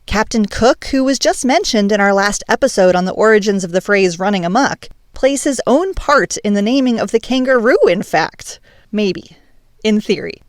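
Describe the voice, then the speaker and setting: A woman's voice: medium pitch, no room sound, studio quality. Playful emphatic woman podcast host. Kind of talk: scripted podcast monologue.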